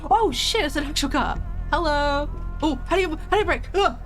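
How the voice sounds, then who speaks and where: A woman's voice: high voice, animated, a little fast, a bit bright, faint music behind. A young woman streamer chatting casually with her viewers while playing a game, giggling and joking. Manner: chatty, giggly, talks to chat. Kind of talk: casual gaming commentary.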